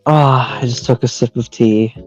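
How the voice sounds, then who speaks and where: A man joining a casual commentary stream as a guest, chatty and relaxed. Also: mid-range voice, moderate pace, lo-fi sound, faint music behind.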